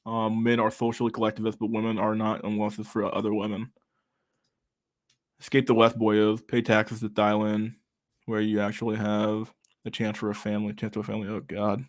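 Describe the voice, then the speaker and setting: A man's voice: fairly low pitch, completely flat delivery, brisk. A man in casual chat, reading messages aloud, swearing a lot and laughing often.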